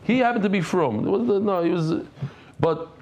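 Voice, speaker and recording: A middle-aged man with a voice that sits high teaches a Talmud class at a moderate pace. He tells stories casually and animatedly, sprinkling in Yiddish and Hebrew terms.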